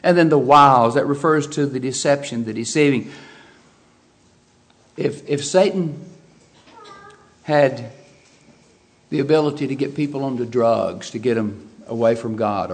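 A man preaching a sermon, swinging from quiet asides to loud, emphatic exclamations. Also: mid-range voice, normal speed, long pauses.

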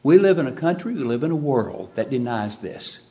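A man preaching a sermon, swinging from quiet asides to loud, emphatic exclamations. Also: mid-range voice, sing-song, brisk.

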